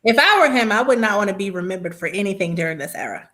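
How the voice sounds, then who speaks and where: A woman's voice: mid-range voice, expressive, fast, a bit bright. A woman co-hosting a casual political chat, with a voice in the middle range. She talks things through at length, loosely and conversationally. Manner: conversational, explains at length with fillers. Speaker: podcast co-host.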